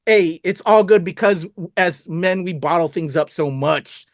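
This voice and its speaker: Man, podcast host, high voice, dry close sound, earnest and hyped. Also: unhurried, no room sound. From Philippines. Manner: earnest, hyped, swears freely. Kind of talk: casual interview chat.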